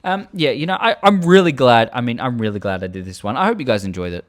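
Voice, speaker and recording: A man's voice: mid-range voice, very animated, quick pace. A man hosting a video, reading book excerpts aloud and adding earnest, enthusiastic fan commentary. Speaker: host.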